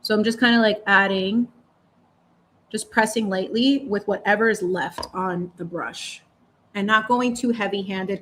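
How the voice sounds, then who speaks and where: A woman's voice: mid-range voice, steady tone, measured pace, a bit bright, slight background noise. A young adult woman hosting a live painting stream, chatting casually and expressively while she paints, often laughing and stretching out her words. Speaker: painting livestream host.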